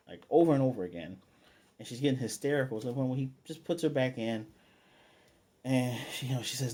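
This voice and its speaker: Mellow-voiced man recapping an episode. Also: medium pitch, fairly quick, husky. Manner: rambling retelling with many fillers. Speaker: video reviewer. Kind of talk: casual spoken episode review.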